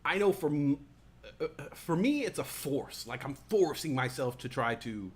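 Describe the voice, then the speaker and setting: Talk show host, male, thirties, high-ish pitch, loose profane storyteller who slips into voices. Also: expressive, moderate pace. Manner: profane, rambling, acts out party voices. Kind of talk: casual comedic storytelling.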